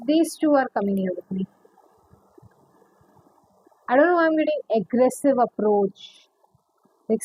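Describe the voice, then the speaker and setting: Woman, high voice, dry close sound, chatty tarot reader, rambling, calls you honey. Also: darkish tone, dry recording, low-quality recording. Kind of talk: pick-a-card tarot reading.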